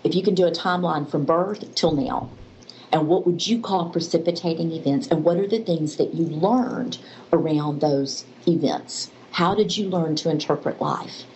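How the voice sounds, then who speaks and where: Woman, low voice, animated storyteller in a faith-based interview, slight noise behind. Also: moderate pace, lo-fi sound.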